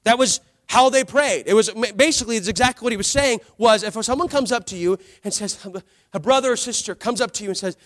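A man preaching a sermon as pastor, swinging between loud declarations and hushed asides, drawing out key phrases for emphasis. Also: high-pitched, quick pace.

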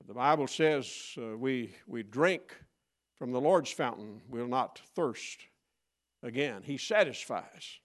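A man preaching a sermon in a church, dramatic, dropping to a hush and then rising loud, acting out mocking voices. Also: medium pitch, animated, takes it slowly. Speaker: guest preacher. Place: church sanctuary.

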